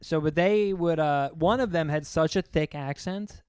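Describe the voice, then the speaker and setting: A man's voice: a little high, a little slow, smooth, dry recording, studio quality. A young man co-hosting a casual podcast chat, telling rambling stories and swearing often. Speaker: podcast co-host.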